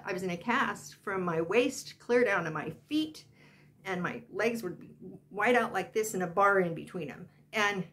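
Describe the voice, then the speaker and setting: A woman's voice: medium pitch, fairly bright tone. An older woman talks to her camera in a casual, wandering way, stopping for asides as she tells her story. Her voice sits in a middle register, and she sounds close to the mic. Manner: chatty and rambling, with frequent asides. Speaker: vlogger.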